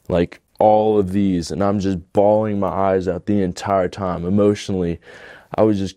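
A man's voice: low-pitched, dark tone, no echo, studio quality. A young man telling his personal testimony in a casual, rambling way, earnest and emotional, filling his speech with "like". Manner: rambling, fills with "like".

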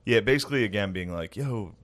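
A man co-hosting in casual chat, quick and joking with profanity. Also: on the low side, animated, a bit bright. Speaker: podcast co-host.

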